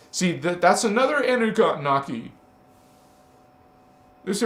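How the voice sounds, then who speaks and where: A man's voice: high-pitched, very animated, slow, long pauses, fairly bright tone, roomy sound. A man hosting a casual spiritual livestream, teasing and emphatic, laughing often as he talks to viewers.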